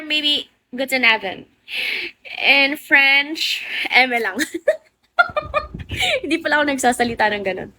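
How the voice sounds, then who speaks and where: A woman's voice: sits high, sharp tone. A woman with a Filipino accent, a native Tagalog speaker, chatting playfully with viewers on a casual livestream, teasing and laughing often.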